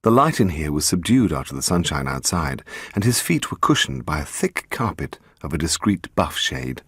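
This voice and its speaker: A man reading a detective novel aloud, measured and expressive. His voice is very deep and slightly husky, with a lively rise and fall, and the recording sounds dry and close. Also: dry recording. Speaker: audiobook narrator. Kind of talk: scripted narration.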